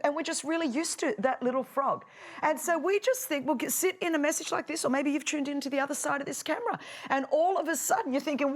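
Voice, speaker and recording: High, lively woman preaching. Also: fast talker. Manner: animated, playful, acts out voices. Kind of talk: sermon. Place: stage before a live audience.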